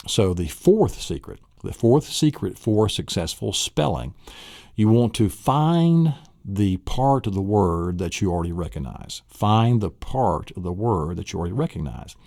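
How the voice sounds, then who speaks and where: A man with a deep, mellow voice leads a spelling lesson, spelling words out letter by letter and breaking them into syllables. He often asks rhetorical questions as he goes. The sound is close and dry. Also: very animated, measured pace, creaky, no room sound. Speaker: spelling instructor.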